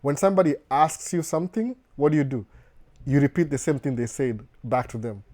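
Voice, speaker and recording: A man with a Kenyan accent softened by a slight American tinge hosts a live question-and-answer session, reading out viewer questions one by one. He answers in a relaxed, mellow voice, giving down-to-earth advice and often breaking off and restarting his words. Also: medium pitch, a little fast. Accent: Kenyan with a slight American touch. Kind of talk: live Q&A chat.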